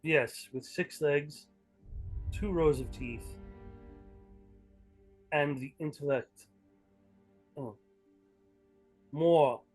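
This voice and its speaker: Husky-voiced man running a tabletop game. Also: a little high, drawn-out words, pauses often, soft background music, low-quality recording. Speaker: game master.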